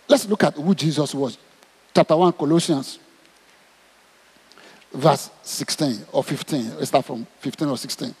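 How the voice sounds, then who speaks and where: A man's voice: fairly high pitch, moderate pace, vocal fry, pauses often, breathy edge. A man with a Nigerian accent preaching a sermon, asking his congregation question after question. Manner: animated, asks the crowd questions. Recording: long hall reverb.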